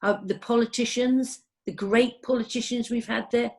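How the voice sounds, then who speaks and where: A woman's voice: fairly high pitch, steady tone, moderate pace, darkish tone. A woman nurse in casual conversation, telling anecdotes in a chatty, rambling way. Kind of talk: casual chat.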